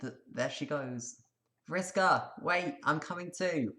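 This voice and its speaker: A man's voice: mid-range voice, steady tone, normal speed, a bit bright, lightly acted. A man voicing a timid, polite teenage troll boy who stammers as he talks in an amateur audio drama. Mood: alarmed.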